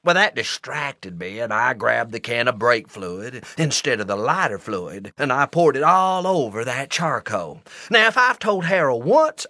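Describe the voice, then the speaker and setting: A man voicing a brassy, loud-mouthed small-town waitress with a gravelly, smoky, coarse voice and a rambling, gossipy way of telling a story. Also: mid-range voice, no room sound, clean studio sound, exaggerated voice. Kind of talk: comic storytelling performance.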